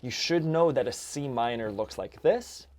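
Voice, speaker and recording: A man teaching an accordion lesson, explaining chords and counting beats in a relaxed way. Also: mid-range voice, moderate pace. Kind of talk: music lesson. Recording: accordion music loud in background. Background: accordion playing.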